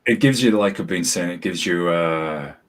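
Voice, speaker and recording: A man's voice: sits low, moderate pace, a little hiss or hum. A man co-hosting a casual chat, stammering and agreeing often. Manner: stammers, frequent short agreements. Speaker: co-host.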